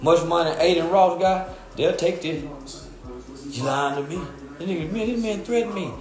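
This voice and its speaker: Man, high-pitched, hyped profane livestream rant, loud and repetitive, echoey room, crowd behind. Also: normal speed. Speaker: content creator.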